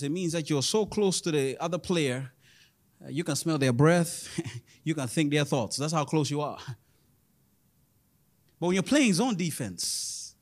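A man in his thirties preaching a sermon as pastor, animated, laughing often and rising to loud emphasis. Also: a little high. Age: 30s. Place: church in Indonesia.

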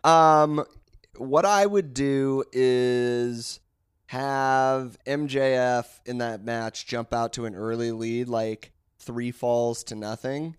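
A man chatting casually as a podcast co-host, his voice smooth and resonant. He rambles excitedly and restarts his sentences often. The sound is close and dry, with no room echo. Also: medium pitch, takes it slowly. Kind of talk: casual wrestling chat.

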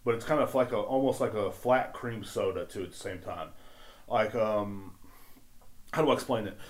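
Laid-back rambling man. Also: medium pitch. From Texas. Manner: rambling, laid-back, swears often, heavy on fillers. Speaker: podcast host. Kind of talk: casual podcast chat.

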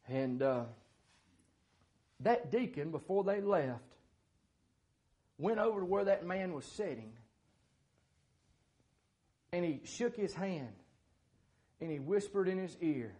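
A man's voice: high-pitched, lively intonation, unhurried, long pauses, a little mellow. Folksy man preaching a story. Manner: folksy, plain-spoken, with many filler words. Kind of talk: sermon storytelling.

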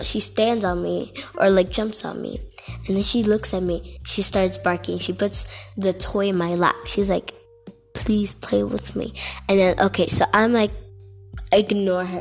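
Woman vlogger, casual exasperated rant with lots of "like" and "okay", faint music under the voice. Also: medium pitch.

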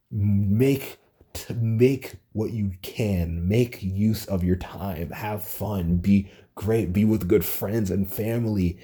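A young man talking alone on a casual podcast, rambling and excitable, swearing a lot as he retells a story. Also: fairly low pitch, slightly rough. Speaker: podcast host. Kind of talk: casual solo podcast monologue.

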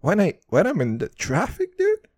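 A man's voice: high-pitched, wildly swooping pitch, normal speed, darkish tone, dry recording, clean studio sound. A young man hosting a podcast, talking in a brash, profane, self-mocking comedic monologue. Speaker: podcast host.

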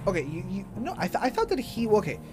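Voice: mid-range voice, wildly swooping pitch, fast, soft background music. A speaker in a casual podcast chat, opinionated, stumbling over restarts and swearing.

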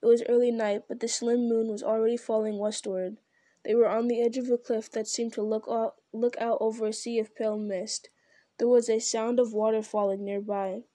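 A woman reads a fantasy story aloud in a steady, measured manner. Her voice is a little high yet mellow. The recording is close and dry. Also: dry recording. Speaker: audiobook reader. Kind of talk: storybook narration.

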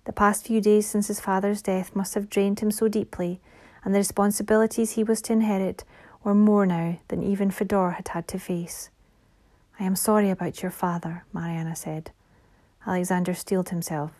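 A woman narrating a fantasy audiobook in a soft, measured reading voice that drops to a whisper at times. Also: medium pitch, flat delivery.

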